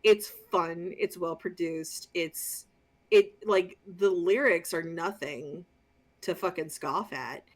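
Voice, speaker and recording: A woman's voice: fairly low pitch, slow. A woman co-hosting a podcast who talks passionately and casually as a fan, with lots of fillers and the odd swear word. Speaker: podcast co-host. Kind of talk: casual chat.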